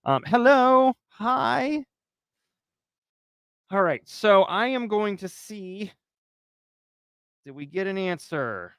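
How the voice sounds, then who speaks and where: A man's voice: sits high, takes it slowly, long pauses, clear, resonant tone, no room sound, studio quality. A man hosting a livestream, chatting casually with viewers, laughing often and reading a story aloud. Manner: chatty, lively, laughs between remarks. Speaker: livestream host.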